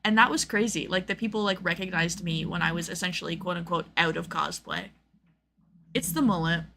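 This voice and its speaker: A woman's voice: lowish voice, brisk, fairly bright tone, slight background noise. A young woman streaming, chatting casually with lots of fillers and acted-out quotes. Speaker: streamer host.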